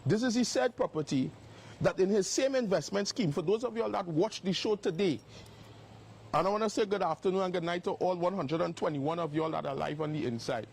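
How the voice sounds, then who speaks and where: A man's voice: sits high, a little fast, gravelly, a little mellow, husky. A man livestreaming from outdoors on his phone, making repeated, emphatic accusations. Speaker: live-stream host. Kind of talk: livestream exposé. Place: outdoors by a property.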